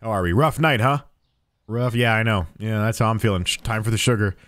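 A man's voice: fairly low pitch, a little fast, a bit bright, dry recording, clean studio sound. A man streaming a game, chatting playfully with in-game customers as if he were a cheerful cashier. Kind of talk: casual gameplay commentary.

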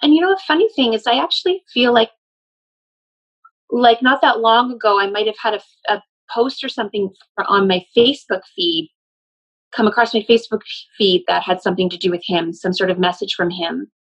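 A woman's voice: mid-range voice, a little fast, fairly bright tone, rough recording. A woman working as a medium, relaying messages in a casual, emphatic way. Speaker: medium channeling a spirit. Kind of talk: casual spoken channeling session.

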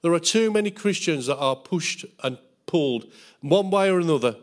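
A man's voice: on the high side, lively intonation, normal speed. A middle-aged man preaching a Bible school sermon as pastor, fervent, with tag questions and jokes.

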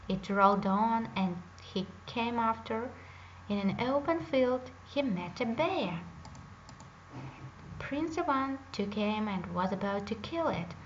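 A woman telling a fairy tale in English, reading slowly and carefully, on a dull lo-fi recording. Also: medium pitch. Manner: slow, careful reading aloud. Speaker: storyteller. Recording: dull lo-fi recording with faint hiss.

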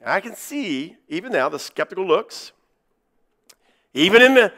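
This man delivers a sermon as a pastor in church, his high, bright voice sing-song and swinging broadly in pitch. He hits key words hard, slowing and repeating them, moving between loud passages and hushed ones.

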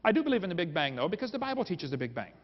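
Talking very fast, a man with a high voice and big pitch swings delivers a folksy, joke-filled seminar lecture, ribbing the audience as he goes. He's a creation seminar speaker, recorded in a dull hall with heavy reverb.

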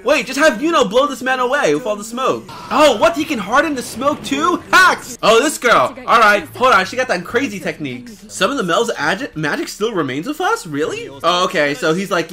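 Excitable high-voiced young man reacting. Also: moderate pace, hardly any pauses. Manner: excitable, shouts and laughs at the screen; slangy casual talk. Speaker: anime reaction YouTuber. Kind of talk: live reaction commentary.

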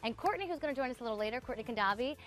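A woman's voice: on the high side, lively intonation, rapid-fire, a bit bright, soft background music. A woman in her thirties hosting a live TV shopping show, chatty and gushing as she talks straight to viewers. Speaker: shopping channel host. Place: TV studio.

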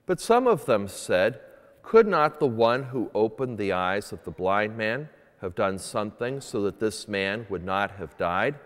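A man's voice: fairly low pitch, sing-song, a little slow. A man, a priest, reading the gospel and preaching a homily at Sunday mass, earnest and emphatic when he asks questions. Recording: echoey church with long reverb.

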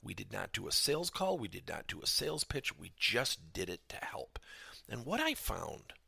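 A man's voice: lowish voice, big pitch swings, normal speed, vocal fry, sharp tone, slightly rough, dry recording. A middle-aged man, a business coach hosting a podcast, tells a story and acts out both sides of a conversation.

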